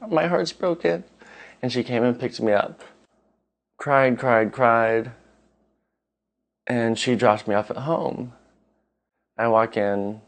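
A young man from Washington State telling his own coming-out story in a relaxed, conversational way. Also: on the low side. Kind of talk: casual personal storytelling.

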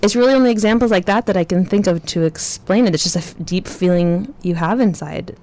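Halting trans man telling personal stories. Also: high-pitched, darkish tone. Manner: halting, self-correcting, restarts words. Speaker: guest. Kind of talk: personal storytelling in conversation.

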